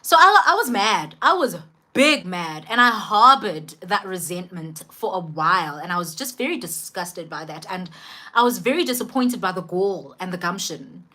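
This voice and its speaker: A woman's voice: fairly low pitch, animated, moderate pace, pushed and bright. A young woman with a South African accent, chatting through a personal story on a live stream, slangy and greeting viewers as she goes. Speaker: vlogger telling a personal story.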